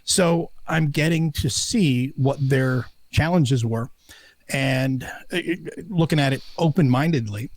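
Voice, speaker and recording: Casting: man in his own voice, mid-pitched, talky and opinionated, casual podcast chat. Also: takes it slowly, dry recording. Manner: rambling, opinionated, with many restarts. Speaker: podcast co-host.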